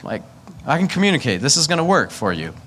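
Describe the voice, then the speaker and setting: A man's voice: on the high side, sing-song, quick pace, a bit bright, slightly rough. A man in his thirties, a pastor, preaching a sermon through a candid personal story and acting out family dialogue.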